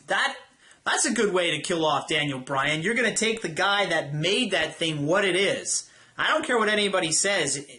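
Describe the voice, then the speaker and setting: A young man rants through a weekly show review, blunt and exasperated, swearing freely. His voice sits a bit high with a bright, sharp edge. He sounds casual and irritated rather than polished. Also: expressive, normal speed.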